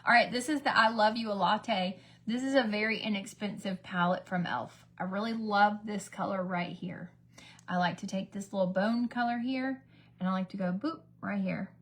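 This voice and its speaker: A beauty vlogger does her makeup during a casual get-ready-with-me livestream, chatting and drifting from one story to the next, sometimes dropping to a whisper. Her voice is medium-pitched and her speed normal.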